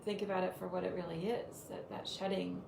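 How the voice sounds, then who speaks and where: A woman with a gravelly, creaky voice gives casual spiritual teaching and leads affirmations. She speaks in an echoey room with clear background noise. Her talk is loose and full of "you know" fillers. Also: lowish voice, flat delivery, fairly quick. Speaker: spiritual teacher hosting the episode.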